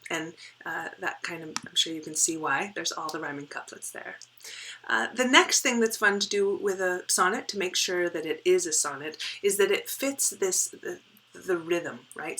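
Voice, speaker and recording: A woman teaching a poetry lesson, explaining step by step and often checking in with "right?", dropping to a soft whisper as she reads lines aloud. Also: on the low side, normal speed, slight background noise, low-quality recording. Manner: drops to a soft whisper while reading and counting. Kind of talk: poetry lesson with board work.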